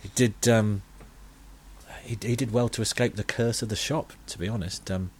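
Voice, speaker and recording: Deadpan British man telling rambling stories. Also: fairly low pitch, moderate pace, slight background noise. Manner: deadpan, rambling anecdotes with many fillers. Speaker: podcast co-host telling comic stories. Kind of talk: comedic podcast chat.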